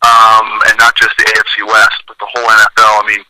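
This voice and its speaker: A man's voice: lowish voice, completely flat delivery, fast talker, background noise. A man in his forties, a former football lineman, telling chatty stories in an interview with many fillers. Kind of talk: casual storytelling interview.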